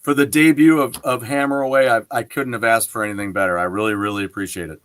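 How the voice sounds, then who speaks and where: A man's voice: medium pitch, quick pace. A man hosting an interview show, telling a long anecdote in casual chat and acting out the dialogue he quotes. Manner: lively storyteller who acts out quoted dialogue.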